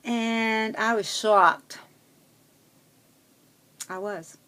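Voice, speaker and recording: A woman's voice: on the high side, fairly even intonation, very slow, sharp tone, clean tone. A middle-aged woman talking to her viewers in a casual personal vlog, chatty and rambling, with many fillers and restarts. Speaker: vlogger.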